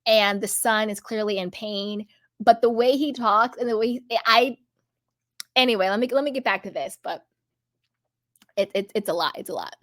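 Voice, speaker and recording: A woman's voice: medium pitch, normal speed, pauses often, fairly bright tone, no room sound, clean studio sound. A woman hosting her own channel, giving emphatic, opinionated reality TV commentary and repeating her points for effect. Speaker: channel host.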